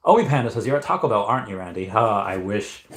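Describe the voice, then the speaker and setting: A man's voice: lowish voice, animated, fast, a bit bright, a little hiss or hum. A young man hosting a casual livestream Q&A, reading chat and rambling with frequent restarts and repeated words. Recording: echoey room.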